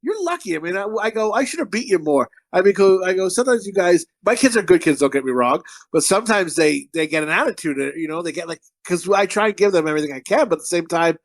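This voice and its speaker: A man's voice: high-pitched, fast, hardly any pauses, no room sound. A man from Connecticut hosting a podcast in casual, profane, rambling banter. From Connecticut, USA. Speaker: podcast host.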